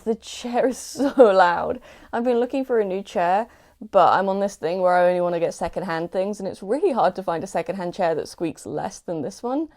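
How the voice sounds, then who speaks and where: A woman's voice: on the low side, darkish tone, rough recording. A young woman with an English accent, chatting casually at home about her small clothing business while she packs orders, rambling and self-deprecating, with lots of fillers. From England. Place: at home, sitting on a squeaky chair. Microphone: new desk mic.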